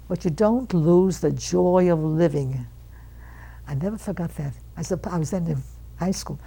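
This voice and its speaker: 100 yr old lady telling family stories, gravelly and dark, does the voices of her relatives. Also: on the low side, moderate pace, rough recording. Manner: animated storyteller who acts out quoted relatives. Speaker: interviewee. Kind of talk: reminiscing storytelling.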